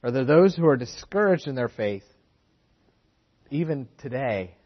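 A man preaching a sermon in an earnest way, often doubling back on his words to press a point. His voice is husky, and it comes through a dull, lo-fi recording. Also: medium pitch, animated, measured pace. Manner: earnest, repeats words for emphasis.

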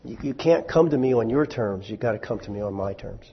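A man's voice: on the low side, expressive, fairly quick, breathy edge. A preacher voicing a kind, fatherly God. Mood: gentle firm. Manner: gentle, plain-spoken, firm. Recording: echoey hall, dull lo-fi sound.

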